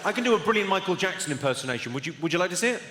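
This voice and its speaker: Deadpan comic in a big echoey hall. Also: male voice, sits high, heavy background noise. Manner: deadpan, brisk, teasing the audience. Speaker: stand-up comedian. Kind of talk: stand-up comedy with crowd work. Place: large theatre stage with a live audience. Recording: echoey theatre hall, loud audience.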